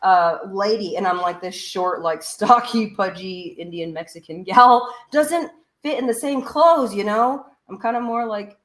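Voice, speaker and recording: Woman on a podcast telling a story, animated, does the voices of people in it, medium pitch. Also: measured pace. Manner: lively storyteller who acts out what others said. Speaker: podcast guest, construction business owner.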